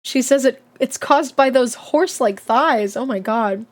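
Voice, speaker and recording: A woman's voice: fairly high pitch, measured pace, a little mellow. A woman streaming a read-aloud of a children's book, breaking off for chatty, laughing asides. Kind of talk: livestream read-along with chat asides.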